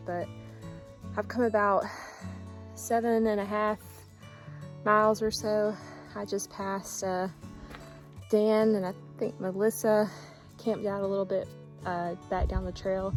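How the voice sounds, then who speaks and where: A woman's voice: medium pitch, level tone, unhurried, soft background music, rough recording. A woman chatting casually in a trail vlog, upbeat and full of fillers, recorded outdoors on a phone. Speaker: thru-hiker vlogger.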